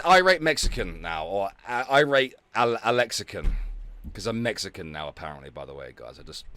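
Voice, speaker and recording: A man hosting a casual livestream rant, sarcastic and mocking, dropping from low mutters to loud announcements. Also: slight background noise. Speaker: streamer host.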